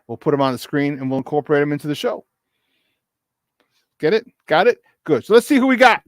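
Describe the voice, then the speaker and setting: A man's voice: a little high, sing-song, brisk, no room sound. A man with a Chicago accent hosting a live morning sports talk show, riffing playfully through promos with asides.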